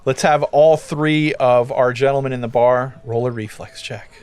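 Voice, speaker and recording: A man narrating as game master of a tabletop game, casual and animated. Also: mid-range voice, moderate pace, clear, resonant tone, no echo. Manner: casual, animated storytelling with many fillers.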